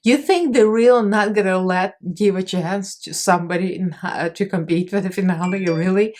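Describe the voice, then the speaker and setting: A woman's voice: mid-range voice, normal speed, a little mellow. A woman makeup artist chatting casually in a vlog, rambling and poking fun at herself as she talks through a tutorial voice-over. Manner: chatty, rambling, self-mocking.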